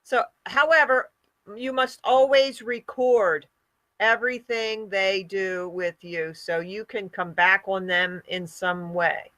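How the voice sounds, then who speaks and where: Slow, earnest woman hosting a call. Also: mid-range voice, fairly even intonation, a bit bright, no room sound. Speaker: host of an online hangout. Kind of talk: casual group chat. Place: online video call.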